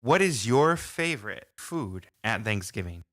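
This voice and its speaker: Bright-voiced man co-hosting a podcast. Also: lowish voice, very animated, unhurried, no room sound, clean studio sound. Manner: jokey, gives cooking tips. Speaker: podcast co-host. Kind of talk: casual chat.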